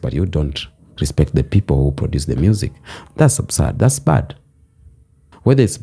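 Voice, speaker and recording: A man speaks straight to camera in an impassioned vlog, his voice low and dark. There's a husky grain to it as he hammers his points home with repetition, rising like a preacher. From Kenya. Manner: emphatic, preaching cadence with repeated phrases. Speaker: vlogger. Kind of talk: passionate social commentary monologue.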